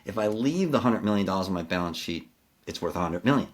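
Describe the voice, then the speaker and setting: Middle-aged man spinning lively business stories. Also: deep voice, fast. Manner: animated anecdotes with acted-out dialogue, frequent fillers. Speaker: podcast guest, CEO coach. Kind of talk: storytelling in a business interview.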